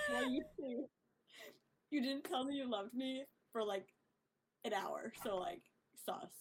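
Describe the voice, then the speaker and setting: Excitable woman telling laughing stories. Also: high voice, unhurried, long pauses, a crowd in the background. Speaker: podcast co-host. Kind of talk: casual chat.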